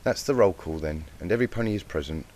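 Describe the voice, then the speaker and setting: A man's voice: sits low, lively intonation, fast, darkish tone. Man doing a fussy motherly pony cooking teacher. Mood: cheerful. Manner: fussy, motherly, calls students dear. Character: kindly confident mare cooking teacher.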